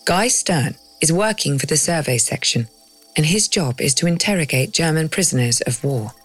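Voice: mid-range voice, expressive, normal speed, slightly rough, soft background music. A documentary narrator reading a scripted story with dramatic pacing and rhetorical questions.

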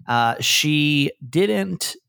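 A man's voice: a little high, expressive, drawn-out words, creaky, bright, forceful tone, smooth, no echo, studio quality. A middle-aged man hosting a podcast, talking in a candid, rambling, self-deprecating way. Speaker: radio and podcast host. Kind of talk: casual conversational podcast chat.

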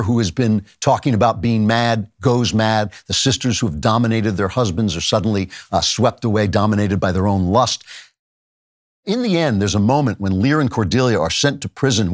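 Low-voiced man lecturing deliberately. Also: no echo, studio quality. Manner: deliberate, slows down to stress key points; reads out quoted verse in a raised voice. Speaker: podcast host. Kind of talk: commentary monologue on literature.

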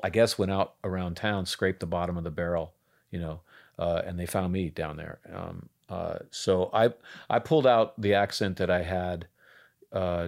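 A man's voice: low-pitched, creaky, darkish tone. A man who is an actor and a podcast guest, telling rambling, self-deprecating anecdotes in casual conversation.

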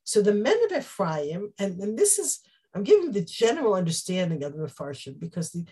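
Animated, husky-voiced woman teaching a Bible class. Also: mid-range voice, a little fast. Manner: animated, acts out quoted speech; explanatory, with Hebrew terms.

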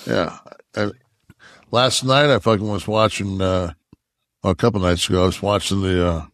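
A man's voice: low-pitched, fairly even intonation, normal speed, fairly bright tone, dry recording, studio quality. A man co-hosting a podcast who tells rambling, profane stories in casual chat. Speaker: podcast co-host.

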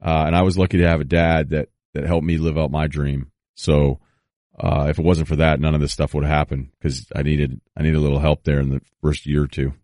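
A low-voiced man hosts a radio talk show, speaking quickly and with a wry self-deprecating edge. He is recorded dry on a close studio microphone, with no room sound. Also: little pitch movement, a little mellow, no room sound. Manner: fast, reflective, self-deprecating.

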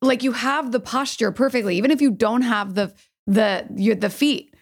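A woman's voice: a little high, moderate pace. Gushing, enthusiastic woman podcast co-host. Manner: effusive and enthusiastic, gushing praise. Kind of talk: casual podcast chat.

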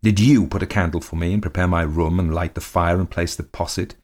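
A drunken, haunted gambler, thick-voiced and muttering, given to sudden furious outbursts, as a man acts him out. The voice sits very low and dark in a storybook reading. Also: steady tone, fairly quick. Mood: uneasy.

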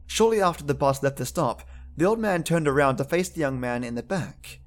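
A man's voice: fairly high pitch, animated, fairly quick. A man hosting a horror podcast, telling urban legends in theatrical, chatty scripted narration. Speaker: podcast host and storyteller.

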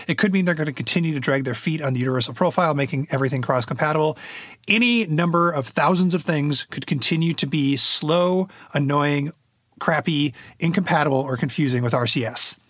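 A man co-hosting a tech news podcast in casual chat, wry and sighing, slowing down to stress his points. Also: fairly high pitch, a bit bright, no room sound, clean studio sound. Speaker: podcast co-host.

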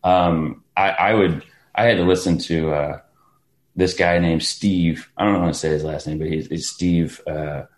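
Guy with a deep low voice telling stories in an interview, loose and chatty, lots of restarts. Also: measured pace. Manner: animated storyteller, acts out quotes, laughs often, many restarts. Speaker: actor guest. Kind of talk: casual interview chat.

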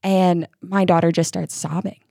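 A middle-aged woman co-hosting a parenting podcast, telling stories in casual chat with quick restarts. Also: lowish voice, gravelly, dry recording, studio quality. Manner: expressive storytelling with quick restarts.

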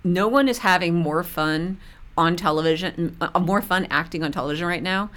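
A woman's voice: fairly low pitch, moderate pace, a bit bright. A woman co-hosting a podcast in casual chat, playful and teasing, laughing often. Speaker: podcast co-host.

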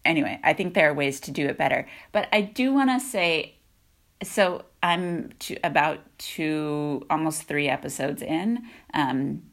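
Woman co-host, deep and creaky, brisk and agreeable in chat. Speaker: podcast co-host. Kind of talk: casual chat.

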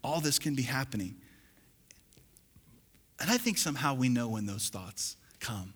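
A male pastor preaching a sermon, calling on the congregation to repeat after him and building to loud exhortation. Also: medium pitch, lively intonation, moderate pace, long pauses, breathy edge. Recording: long hall reverb.

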